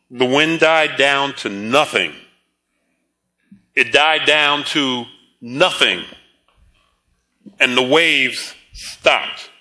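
A man delivers a sermon at an unhurried pace, his voice bright and a little high. He laughs often and acts out the people in the story. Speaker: pastor.

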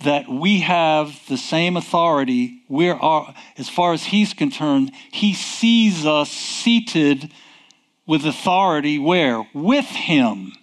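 A man delivers a sermon with emphatic, deliberate force, asking rhetorical questions and then answering them himself. His voice runs a little high.

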